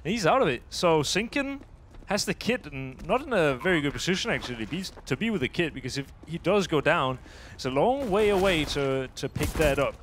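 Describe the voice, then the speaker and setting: A man's voice: a little high, lively intonation, brisk, hardly any pauses, noisy background. A man giving chatty esports color commentary, full of ums and restarts. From Denmark. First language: Danish. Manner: hesitant, filler-heavy analysis, chatty and joking.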